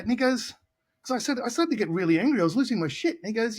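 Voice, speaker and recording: A man's voice: very high-pitched, fast, husky. A middle-aged man from Australia, a guitarist telling casual studio anecdotes in an interview, acting out the voices of people he quotes. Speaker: guest guitarist.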